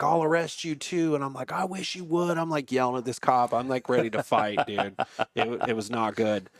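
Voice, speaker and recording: A man, a professional stunt rider, telling a story as a podcast guest in a lively, profane, animated way. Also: lowish voice, no echo, clean studio sound.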